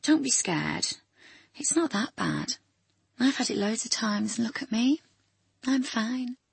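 A woman's voice: on the high side, expressive, slow, gravelly, breathy edge, pitched above the performer's own voice, heavily acted. Woman doing a manic female patient. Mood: mocking. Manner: mocking, playful.

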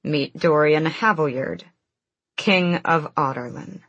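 A woman's voice: low-pitched, slow pace, a bit bright, dry recording, muffled recording, full character voice. A woman reading the lines of a fierce, commanding female witch with a cool, amused, clipped delivery, in an audiobook.

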